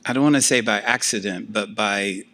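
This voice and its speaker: An older man, a professor, giving a conversational lecture to a class, with frequent fillers and lively asides. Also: on the low side, normal speed.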